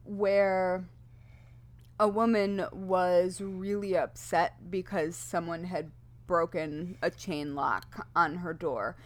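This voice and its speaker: A woman with a lowish, steady voice speaks slowly as a podcast co-host. Her chat is casual and playful, opening with a rhyming intro delivered in a hushed, spooky tone.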